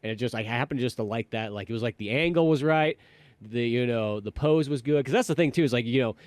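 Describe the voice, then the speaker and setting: Male podcast co-host, quick and rambling, swears casually, dry close mic. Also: mid-range voice, dry recording. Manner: animated, swears casually, rambling with many fillers. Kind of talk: casual chat.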